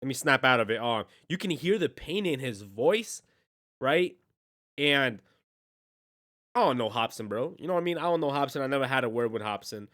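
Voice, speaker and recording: A man hosts a music reaction video, visibly moved by the track and talking casually and earnestly in slang, repeatedly saying "bro" and "man." His mid-range voice has lively intonation and a fairly bright tone, at normal speed with frequent pauses.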